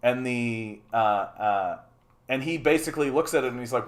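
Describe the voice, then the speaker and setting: A man's voice: medium pitch, normal speed. Man ranting on a livestream. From Canada. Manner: heated, profane, repeats himself, stumbles on restarts. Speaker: livestream host.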